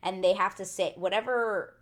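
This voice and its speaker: A woman's voice: mid-range voice, normal speed. A woman hosting a casual TV recap vlog, chatty and blunt, full of "like" fillers and swearing. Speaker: TV recap channel host.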